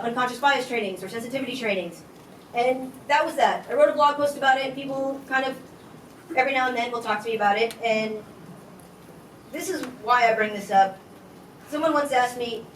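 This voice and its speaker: Female speaker, candid storyteller, slightly high voice, distant roomy pickup. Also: brisk. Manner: candid, conversational with fillers. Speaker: conference speaker. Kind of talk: storytelling talk. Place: event hall at a tech company. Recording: echoey hall from far off, faint noise.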